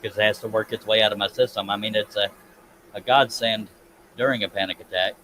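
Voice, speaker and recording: A man hosting a casual live stream, folksy and quick to laugh, reading out chat messages. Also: on the low side, steady tone, sharp tone, a little hiss or hum, low-quality recording. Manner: folksy, laughs often, reads chat aloud.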